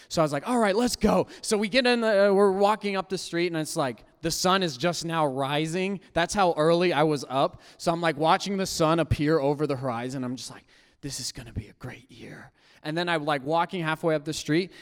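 A young man telling a funny personal story to a live audience, animated, often jumping into high squeaky voices to act out his younger self. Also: smooth. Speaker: storyteller speaking to a youth audience. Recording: long hall reverb.

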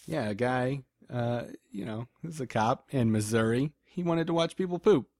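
A man's voice: medium pitch, normal speed, darkish tone, no echo, clean studio sound. A man co-hosting a casual, joking chat, spinning rambling hypotheticals and laughing often.

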